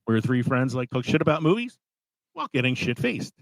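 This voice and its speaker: A man's voice: mid-range voice, big pitch swings, a little fast, creaky, no echo, rough recording. A man hosting a casual podcast, laid-back and swearing freely, recorded in a small studio. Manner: laid-back, swearing, laughing between lines. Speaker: podcast host.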